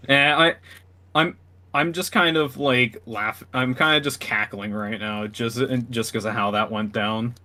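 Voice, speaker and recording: A man's voice: medium pitch, fairly even intonation, measured pace, sharp tone. A man playing a tabletop game in casual chat, stammering and repeating words, often laughing. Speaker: player.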